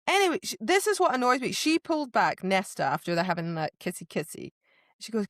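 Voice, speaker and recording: Lady podcast cohost, dry close sound, gets worked up and loud retelling the plot. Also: mid-range voice, brisk, no room sound. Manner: animated, ranting retellings with sudden emphatic outbursts. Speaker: podcast co-host. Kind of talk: casual book-discussion chat.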